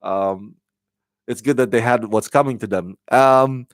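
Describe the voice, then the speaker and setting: A man's voice: medium pitch, moderate pace, dry recording. A man giving a casual spoken TV review, rambling and repeating words as he thinks aloud. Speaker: TV show reviewer.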